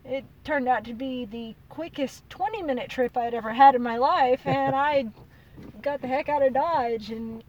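A woman, hosting a podcast and telling a story in a chatty, animated way. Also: sits high, moderate pace, distant mic, dull audio. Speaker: podcast host. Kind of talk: casual storytelling.

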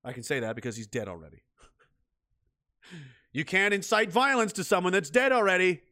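Guy venting on his vlog, lots of swearing, repeats himself, kinda high voice. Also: sing-song, normal speed, pushed and bright. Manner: profane, repetitive, bitter and heated. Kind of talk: ranting solo monologue.

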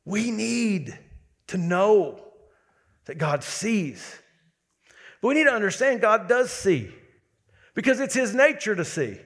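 A man's voice: on the high side, a bit bright. A lead pastor preaching a sermon, building emphasis and repeating words as he drives a point home. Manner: preaching with rising emphasis and quick asides.

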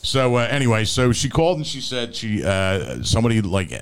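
A man's voice: medium pitch, sing-song, a little fast, smooth. A man hosting a podcast, telling a rambling story with fillers and frequent laughs. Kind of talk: casual chat.

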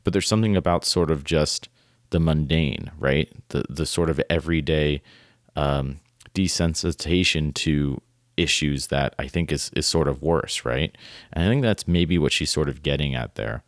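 An extremely low-pitched man hosts a podcast, eagerly discussing a short story at a moderate pace and reading bits of it aloud. He rambles, leans on fillers, and often adds "right?" The sound is clean studio audio with no echo.

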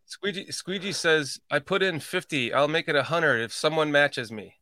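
A man hosting a loose, chatty livestream podcast. His voice sits a little high for a man and sounds close and dry. He rambles, swears freely and laughs off his own mistakes. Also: moderate pace, sharp tone, no room sound. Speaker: podcast host. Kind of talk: casual livestream chat.

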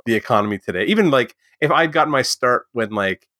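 A man's voice: mid-range voice, expressive, fast talker, pushed and bright, no room sound. A man chatting casually, rambling with lots of "like" and frequent swearing. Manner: rambling, swears often, heavy use of "like". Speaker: drummer and comic artist. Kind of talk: casual chat.

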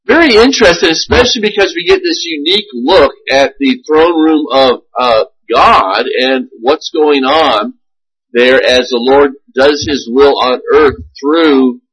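A man's voice: fairly high pitch, a little slow, a bit bright, breathy edge, no echo, low-quality recording. A male pastor teaching a Sunday school class, reading scripture aloud and then explaining it in plain asides.

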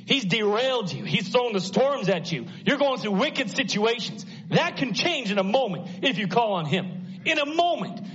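A man preaching a sermon at a church service, dramatic, acting out the voices in the story and swinging from hushed to loud. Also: high-pitched, very animated, normal speed, hardly any pauses. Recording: dull lo-fi sound.

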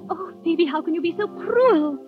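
A fretful, proper spinster aunt flutters and hesitates in a very high voice. Her pitch swings widely, and the old radio recording sounds dull and dry. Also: lively intonation, moderate pace, faint music behind. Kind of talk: 1930s radio drama acting.

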